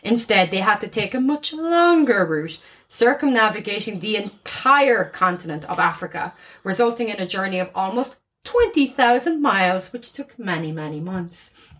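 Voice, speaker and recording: A woman co-hosting a podcast, telling a history story in a chatty, giggly, animated way. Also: mid-range voice, moderate pace. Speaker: podcast co-host. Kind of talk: casual storytelling chat.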